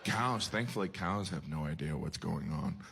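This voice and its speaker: A man's voice: deep voice, normal speed, gravelly, fairly bright tone, slight background noise. A man doing a wry, observational stand-up comedy routine.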